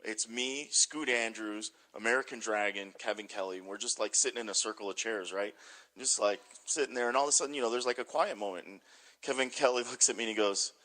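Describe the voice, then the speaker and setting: A man casually telling animated backstage stories, swearing and laughing as he goes. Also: on the low side, brisk. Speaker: pro wrestler telling stories. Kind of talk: casual storytelling.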